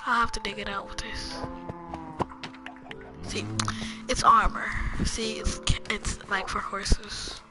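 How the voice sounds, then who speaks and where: A young woman hosts a gaming channel, rambling casually to viewers she calls "y'all" while she plays, often dropping to murmurs. Her medium-pitched voice swings widely, moving slowly with long pauses, and music plays behind her.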